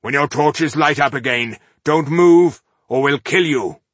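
A cold, menacing renegade dwarf who talks in slow, measured threats, as a man puts him on. The voice drags its words and carries a husky edge in a dry storybook reading. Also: medium pitch, big pitch swings, fairly bright tone, no echo, full character voice.

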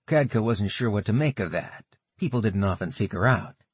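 A man reading a fantasy novel aloud as narrator, steady and measured. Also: fairly low pitch, breathy edge, dry recording. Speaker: audiobook narrator.

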